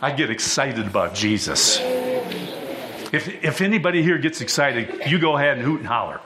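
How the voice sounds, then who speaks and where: A man preaching a sermon in a church, listing names in a steady rhythm and rising to fervent exclamations. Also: medium pitch, normal speed, background noise.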